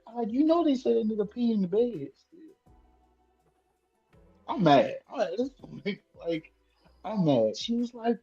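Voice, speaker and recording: A man's voice: high voice, sing-song, normal speed, dark tone, husky, lo-fi sound, faint music behind. A male podcast co-host telling a story in casual chat, acting out both sides of the dialogue.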